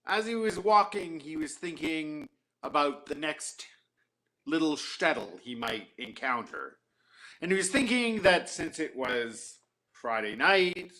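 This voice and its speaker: Animated man telling a folktale. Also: a little high. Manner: animated, warm-hearted, with frequent restarts. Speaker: storyteller.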